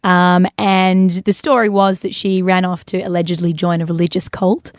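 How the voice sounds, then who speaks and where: A woman's voice: lowish voice, flat delivery, normal speed, dry recording, studio quality. A woman co-hosting a radio show, chatting casually and joking around. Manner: playful, jokey, trying out silly voices. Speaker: radio co-host.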